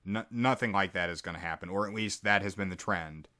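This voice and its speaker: A man co-hosting a casual podcast, speaking in a measured, trailing way, hedging his points as he goes. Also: low-pitched, sharp tone. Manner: measured, trailing, hedging with "you know" and "or whatever". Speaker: podcast co-host. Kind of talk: casual political commentary chat.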